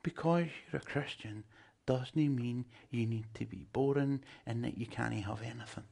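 A man's voice: medium pitch, normal speed, creaky, darkish tone. A man preaching a sermon, emphatic and joking with his listeners. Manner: emphatic, humorous asides to the congregation.

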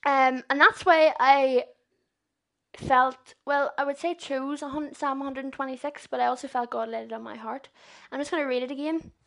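A young woman with a Northern Irish accent preaches in a chatty, earnest way. Her voice sits high, and she keeps turning to her listeners with questions. The talk sounds loose and unscripted, more like a conversation than a formal sermon. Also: fairly even intonation, moderate pace, creaky. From Northern Ireland. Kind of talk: informal sermon.

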